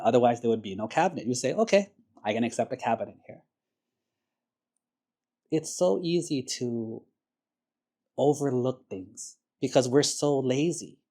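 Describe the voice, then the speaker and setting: A man's voice: mid-range voice, dark tone. A man, a Buddhist monk, giving a sermon in a conversational storytelling way, sprinkling in casual fillers. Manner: conversational, uses casual fillers like "like" and "you know"; storytelling, acts out quoted characters.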